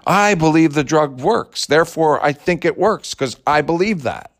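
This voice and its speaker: A man's voice: fairly high pitch, lively intonation, normal speed, voice pushed up. A man voicing a smug, self-assured male online commenter in a mocking, overblown way.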